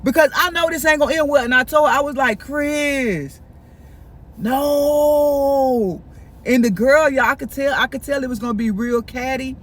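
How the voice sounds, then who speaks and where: A man chatting in a casual storytime vlog, animated and gossipy, talking straight to his viewers. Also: extremely high pitch, fast talker, hardly any pauses. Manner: animated, gossipy, keeps addressing viewers directly. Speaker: vlogger. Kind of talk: casual storytime while eating.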